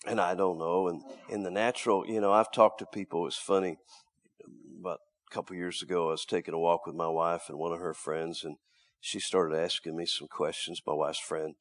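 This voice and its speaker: A middle-aged man preaching a sermon, swinging between loud emphatic lines and hushed low asides, often repeating words as he restarts. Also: little pitch movement, fairly quick.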